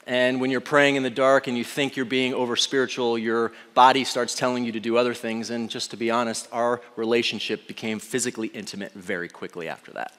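A man's voice: medium pitch, level tone, brisk, hardly any pauses, a bit bright. Confessional man speaking in a reverberant hall. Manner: earnest, confessional, hesitant at times. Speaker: speaker sharing a personal testimony. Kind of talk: personal testimony to an audience.

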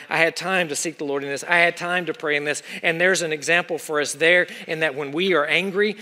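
A man preaching a sermon, his high voice bright and forceful. He presses hard on some lines and drops to quiet asides on others. The sound carries a long reverb from a large hall. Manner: urgent exhortation, swinging between loud pushes and quiet asides.

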